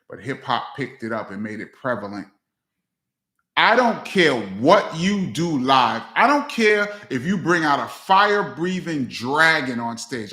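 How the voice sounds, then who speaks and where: A man hosting a live Q&A chat as a DJ, telling stories casually and acting out other people's lines. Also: pushed and bright. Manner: loose storyteller, acts out friends' lines with big pitch jumps. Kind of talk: casual storytelling livestream. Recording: roomy echo.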